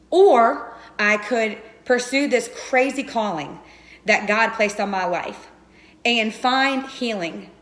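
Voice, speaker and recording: A direct sales coach with a slightly high voice, recorded in a roomy-sounding space, shares an earnest, emotional personal testimony. She speaks passionately and directly to her listeners, calling them "you guys."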